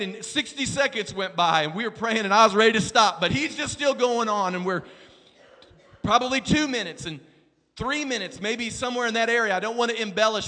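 A male pastor preaching a sermon, telling a story in a hushed voice and building up to shouted exhortation. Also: high-pitched. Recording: long reverb of a large hall.

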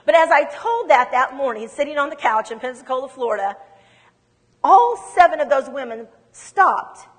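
A woman telling her testimony in a sermon, in an animated, emphatic storytelling manner. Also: high voice, brisk, long reverb tail. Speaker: speaker giving testimony.

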